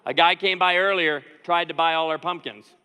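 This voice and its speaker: A man's voice: a little high, steady tone, normal speed, bright, forceful tone, clear, resonant tone. A man playing a naive, earnest young male pumpkin seller during a sermon, talking eagerly. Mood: excited. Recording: long reverb of a large hall.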